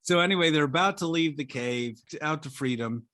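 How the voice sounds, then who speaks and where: A man's voice: on the high side, fairly quick, fairly bright tone. A man co-hosting a casual movie review podcast, recapping scenes in a rambling, chatty way with lots of fillers. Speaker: podcast co-host.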